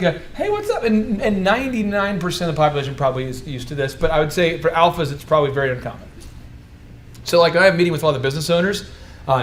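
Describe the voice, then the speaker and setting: A man coaching a room of business owners, animated and joking, often acting out the voices of people he describes. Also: on the high side, slight background noise. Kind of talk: coaching workshop talk.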